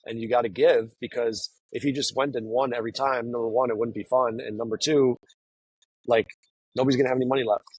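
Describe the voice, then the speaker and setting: A man's voice: mid-range voice, fairly even intonation, fast talker, darkish tone, husky, low-quality recording. A man talking casually as an interview guest, rambling with many fillers and restarts. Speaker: guest, professional poker player. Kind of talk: casual conversation.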